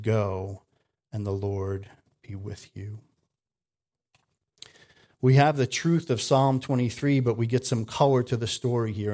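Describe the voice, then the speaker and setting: A man delivering a sermon in a medium-pitched voice. He talks conversationally, often checking in with the listeners. He swings between loud, emphatic lines and quiet, low asides. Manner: conversational, with frequent "right?" checks. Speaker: preacher.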